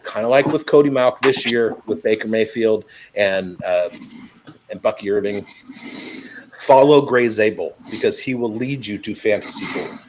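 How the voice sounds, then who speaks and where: A man on a casual podcast breaking down football prospects, telling stories with lively, animated delivery. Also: fairly low pitch, moderate pace, slight background noise, poor audio. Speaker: fantasy football analyst.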